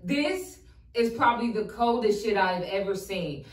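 A woman hosting a reaction show who talks excitedly and profanely straight to her viewers. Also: mid-range voice, measured pace, distant mic. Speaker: host reacting to rap freestyles. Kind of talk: casual reaction commentary. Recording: roomy sound, mic set back.

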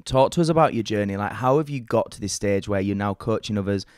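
A man's voice: lowish voice, fast, a little mellow, smooth, dry recording, clean studio sound. A man hosting a podcast interview, asking encouraging questions in casual chat. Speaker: podcast host.

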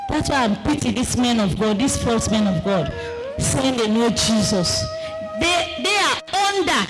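A woman's voice: on the high side, expressive, measured pace, low-quality recording. A woman giving an emotional spoken testimony, impassioned and crying out at times. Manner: impassioned, cries out and shouts at times. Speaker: testimony speaker. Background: music.

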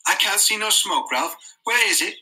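A man's voice: sits high, animated, normal speed, bright, forceful tone, a little hiss or hum, pitched above the performer's own voice, heavily acted, rough recording. A man reading aloud, voicing an anxious, clumsy schoolboy with glasses in a worried, pleading way.

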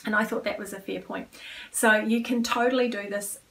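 Woman, calm guiding coach, guided exercise, soft near-whisper moments, a little distant from the mic. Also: mid-range voice, a little fast, gravelly. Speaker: wellbeing trainer.

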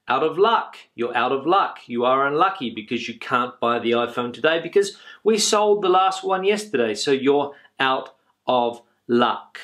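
A man's voice: medium pitch, animated, a little slow, fairly bright tone. A man teaching English in a video lesson, patiently repeating each phrase with frequent uh fillers.

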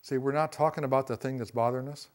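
A man teaching a class on communication, folksy and conversational, often saying "see" and "you know" and acting out quick quotes. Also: medium pitch, steady tone. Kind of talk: classroom lecture.

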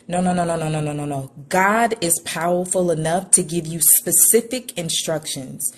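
A woman guest on a faith podcast, talking in a candid, animated, playful way. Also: lowish voice, normal speed, few pauses, slightly rough.

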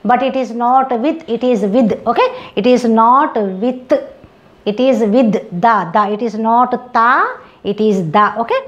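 A woman from India with an Indian English accent, teaching English phonetics and repeating each example word slowly several times. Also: a little high, fairly bright tone, muffled recording. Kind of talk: phonetics lesson with slow repeated example words.

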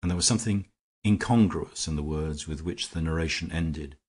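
A man reading an audiobook aloud in a measured, even storytelling manner. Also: very deep voice, slightly rough. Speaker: audiobook narrator. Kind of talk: scripted narration.

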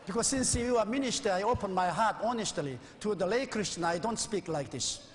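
A man's voice: high voice, a little fast, slight background noise. A man in his sixties, a pastor preaching an earnest, confessional sermon in a church sanctuary. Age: 60s. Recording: old VHS recording with long reverb.

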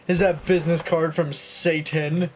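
A man's voice: fairly high pitch, little pitch movement, a little slow, a little hiss or hum. A young man chatting and joking through a video game, reading notes aloud as he goes. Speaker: gaming YouTuber. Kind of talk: let's play commentary.

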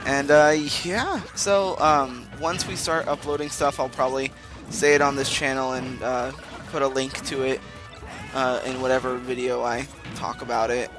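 A man's voice: medium pitch, fairly even intonation, normal speed. A young man hosting a casual let's play, talking loosely with many ums and uhs. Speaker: gaming channel host. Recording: game music playing behind.

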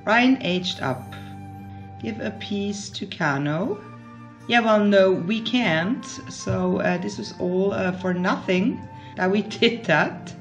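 Slow-talking woman narrating her game. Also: mid-range voice. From Switzerland. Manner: chatty, talks to her game characters, emotional outbursts. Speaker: gaming YouTuber. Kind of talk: casual let's play commentary. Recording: faint background music.

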